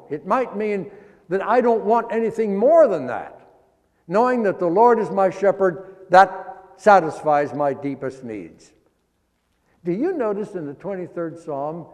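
A man preaching a sermon, explaining scripture line by line in a folksy, teaching way and slowing down to stress the verses. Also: high voice, a little mellow, big-room sound. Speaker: pastor.

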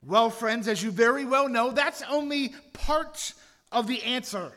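Man preaching in an echoing sanctuary, bright and earnest pastor. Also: extremely high pitch, unhurried. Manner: earnest preaching, repeats "friends" and "Father". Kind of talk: sermon. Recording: long hall reverb.

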